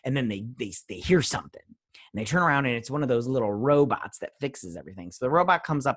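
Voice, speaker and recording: A man's voice: mid-range voice, no room sound, studio quality. A man giving a casual, rambling spoken review of a TV episode, frustrated and full of fillers. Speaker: TV review vlogger.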